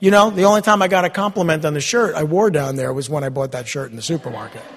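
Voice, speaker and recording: A man preaching a sermon to his congregation, animated, swinging from loud outbursts to hushed asides. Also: a little high, fast talker. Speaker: pastor. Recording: reverberant hall.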